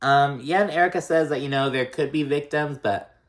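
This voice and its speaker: A man's voice: on the high side, fairly quick. A man casually recapping a reality TV episode, chatty and profane, full of likes and ums, with sassy, exasperated asides.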